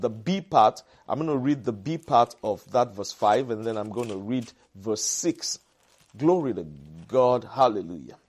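A man's voice: a little high, a little mellow. A man preaching a sermon as pastor, emphatic and repetitive, calling on the congregation to repeat after him. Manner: emphatic, repeats phrases for the congregation, calls for responses.

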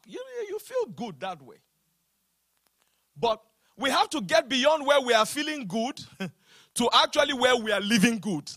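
High-voiced pastor preaching. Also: male voice, big pitch swings, pushed and bright, no room sound, clean studio sound. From Nigeria. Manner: emphatic preaching with call-and-response, slows down to stress lines. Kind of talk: sermon.

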